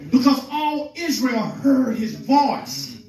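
A man with a very high speaking voice preaches in a loose, informal way, calling out to his congregation and retelling scripture in everyday words. The sound is roomy and echoing, and he is heard from a distance. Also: big pitch swings, takes it slowly, dark tone. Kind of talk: teaching sermon. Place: meeting room with a congregation. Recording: echoey room, voice from far off.

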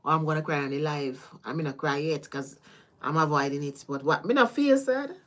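A woman's voice: deep voice, brisk. Chatty Caribbean-accented woman tarot reader. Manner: chatty, laughing, drifting between topics. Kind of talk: casual livestream tarot reading.

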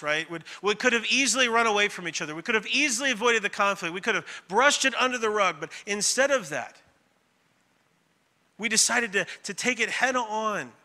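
A man in his thirties delivers a sermon with a high, sharply bright voice. He drives his points home in emphatic, repeated phrases, and his words ring out with the long reverb of a church hall. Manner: builds to emphatic, repetitive rising phrases. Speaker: pastor.

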